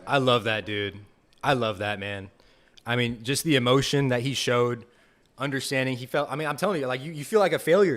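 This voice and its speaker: A young man hosting a live fan podcast, reacting to picks with excited, repetitive enthusiasm. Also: medium pitch. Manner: excited, enthusiastic, repeats himself. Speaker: podcast host.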